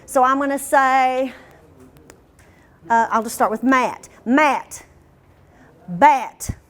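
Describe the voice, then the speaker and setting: A woman leads a teacher training workshop. She quizzes the room and stretches demo words out slowly. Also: high voice, steady tone, a bit bright.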